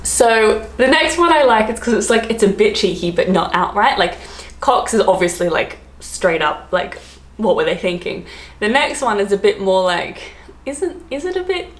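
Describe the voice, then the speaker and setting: An Australian woman, a travel vlogger, chats casually to the camera in a slightly high, expressive voice at normal speed. She giggles a lot and fills her talk with "like." The recording has a roomy echo.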